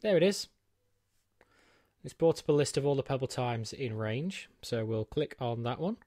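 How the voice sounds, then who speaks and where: Speaking from his small home studio, a UK man who reviews tech walks through unboxing and setting up a gadget in a chatty, self-mocking way with lots of ums. His mid-range voice is warm, with lively intonation and a moderate pace, and the recording is dry.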